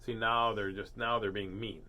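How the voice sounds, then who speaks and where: A man's voice: fairly low pitch, fairly even intonation, moderate pace, bright, forceful tone. A man reading a children's storybook aloud, doing playful character voices and joking asides. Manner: playful, jokey asides and puns. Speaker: storybook reader.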